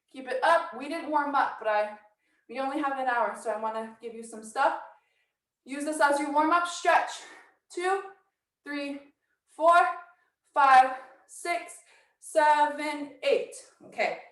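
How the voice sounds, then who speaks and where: A woman teaching a dance workshop, coaching brisk and counting steps, a little out of breath. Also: sits high, fairly bright tone, reverberant, far from the mic, poor audio. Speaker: dance instructor. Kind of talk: online dance workshop instruction. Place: house.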